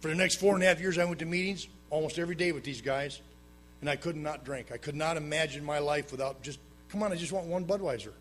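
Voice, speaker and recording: Bright-voiced man telling his recovery story. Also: steady tone, fast talker, slight background noise. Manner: swings between loud emphatic bursts and low hushed asides; plain-spoken storyteller with dry humor. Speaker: recovery meeting speaker. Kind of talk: personal recovery story told to an audience. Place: meeting room with a live audience.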